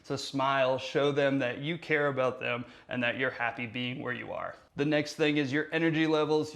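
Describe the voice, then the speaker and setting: There's vocal fry in this man's mid-range voice as he hosts a casual marketing how-to on a lav mic at normal speed with few pauses. Energetic and animated, he talks with his hands, and the room around him has hard surfaces.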